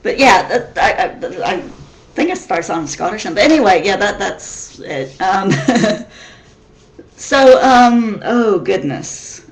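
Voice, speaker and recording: Taking her time, a woman with an expressive mid-range voice answers questions in a chatty, meandering vlog, frequently starting over. She's in her thirties, from Missouri, United States, and her American accent carries some English mixed in. Her room echoes noticeably.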